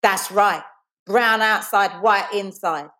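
A woman reading out a sneering teenage girl who bullies her classmates, drawling each taunt out slowly. The voice stays close to an everyday one, as in a storybook reading. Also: medium pitch, a bit bright. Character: bullying teenage schoolgirl, brash and mocking.

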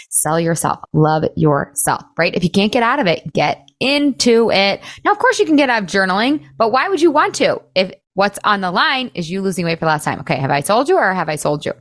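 A woman's voice: on the low side, very animated, fairly quick, fairly bright tone, no echo, studio quality. A woman weight-loss coach talking to her listeners in a chatty, upbeat way, often saying "like" and laughing. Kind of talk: casual coaching talk.

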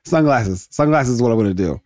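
A smug young actor who waves off every note with a slow, dismissive drawl, as a man puts him on. The recording is dry and close. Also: medium pitch, expressive, a little mellow, no room sound, close to an everyday voice. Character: smug teen actor fixated on sunglasses.

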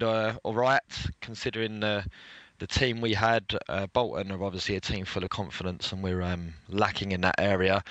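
A man hosting a casual football podcast, a little croaky after bronchitis, rambling and laughing easily. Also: fairly low pitch, fairly bright tone, no echo. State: slightly croaky, recovering from bronchitis. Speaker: podcast host.

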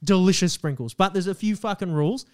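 A man's voice: high-pitched, quick pace, darkish tone. A young Australian man co-hosting a casual podcast, ranting heatedly and swearing heavily. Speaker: podcast co-host. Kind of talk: casual chat.

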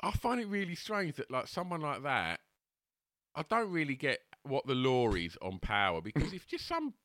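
A man's voice: on the high side, huge pitch swings, normal speed, fairly bright tone, no room sound, studio quality. A man co-hosting a podcast, telling stories with many stammered restarts. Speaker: podcast co-host. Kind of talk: casual comedic chat.

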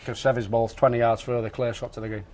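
A former golf caddie, a man, telling anecdotes in a relaxed interview and acting out the dialogue. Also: medium pitch, fast talker. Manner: animated, acts out quoted dialogue. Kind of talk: casual anecdotal storytelling.

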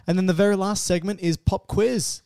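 Mellow, playful male podcast co-host. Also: high-pitched, fairly even intonation, fairly quick, creaky, clean tone, dry recording, clean studio sound. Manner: playful, laughs often. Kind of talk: casual podcast banter.

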